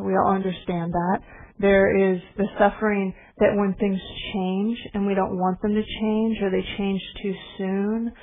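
A middle-aged woman meditation teacher giving a gentle, reflective dharma talk with pauses. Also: mid-range voice. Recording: tinny phone-like recording.

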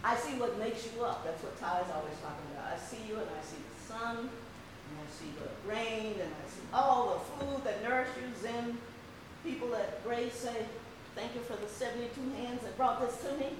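Older southern lady giving a dharma talk, playful and laughing, kinda high voice, roomy hall with faint hiss. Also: normal speed. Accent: Southern American. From American South. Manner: animated, laughing, playful asides to the audience. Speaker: meditation teacher. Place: meditation hall. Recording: echoey hall with faint room noise.

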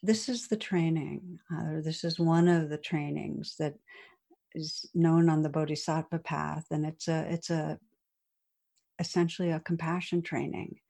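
A woman meditation teacher telling a story in a dharma talk, gentle and unhurried, with soft pauses. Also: low voice, steady tone, gravelly.

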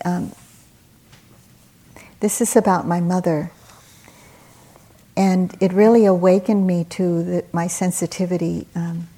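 A woman meditation teacher giving a dharma talk at a retreat, telling stories in a gentle, unhurried way with soft pauses. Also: lowish voice.

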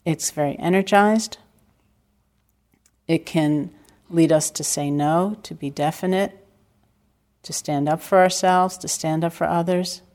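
Older woman, meditation teacher, lowish voice, calm reflective dharma talk, wry humor. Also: a little slow, pauses often. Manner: calm, reflective storytelling with gentle self-deprecating humor. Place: retreat center hall.

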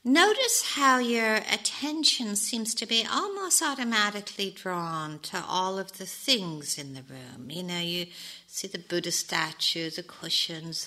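A woman meditation teacher giving a gentle, reflective dharma talk, with soft whispered asides. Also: medium pitch, rough recording.

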